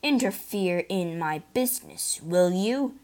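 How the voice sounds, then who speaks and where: A slight, prickly young male musketeer, read by a woman. He snaps with wounded pride. A plain storybook voice, lowish in pitch. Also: very animated, moderate pace. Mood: furious. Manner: indignant, snappish.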